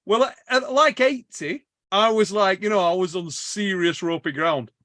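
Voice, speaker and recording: A man with a notably high voice tells a long gym story in loose, profane podcast chat. He laughs through his own lines, and the sound is close and dry. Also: moderate pace, no echo. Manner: animated, swears a lot, laughs while telling stories. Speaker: podcast host.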